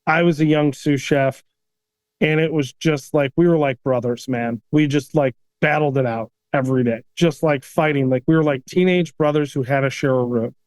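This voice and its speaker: A man, a chef and restaurant owner, telling stories casually in an animated way, often tagging "you know what I mean.". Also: on the high side, moderate pace, no room sound. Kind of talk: casual storytelling.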